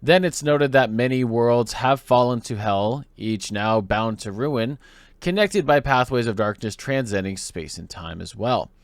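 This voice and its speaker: A man's voice: medium pitch, unhurried, no echo. A man hosting a gaming lore video essay, explaining in a conversational way. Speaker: host.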